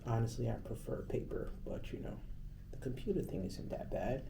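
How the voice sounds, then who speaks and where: A man's voice: mid-range voice, lively intonation, normal speed, vocal fry, recorded from a distance, noisy background. A young man reading news on campus radio, then joking to camera between takes in a slangy, self-mocking way. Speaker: campus radio newscaster and vlogger. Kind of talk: casual vlog with news reading. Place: radio station booth.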